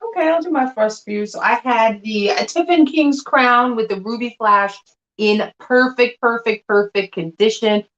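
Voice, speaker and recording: A woman's voice: on the high side, normal speed, a bit bright, lo-fi sound, slight background noise. A woman chatting casually and enthusiastically while presenting items for sale, laughing often. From not from the South. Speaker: co-host glass seller. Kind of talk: casual live sale chat.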